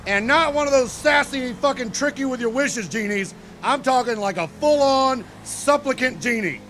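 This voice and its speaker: A man telling a story to his stream chat in a casual, profane, exasperated way, with sudden loud outbursts. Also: extremely high pitch, moderate pace, few pauses, a little hiss or hum.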